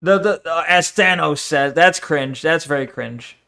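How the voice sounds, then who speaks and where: A man's voice: a little high, a little slow, creaky, pushed and bright. A man streaming, reacting to a video with profane, mocking rants. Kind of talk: casual reaction commentary.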